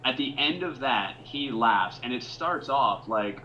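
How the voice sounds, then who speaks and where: A man's voice: mid-range voice, animated, a little slow, hardly any pauses, sharp tone, a little hiss or hum. Easygoing man with a muffled sound. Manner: easygoing, hesitant with fillers. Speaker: podcast co-host. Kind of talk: casual chat.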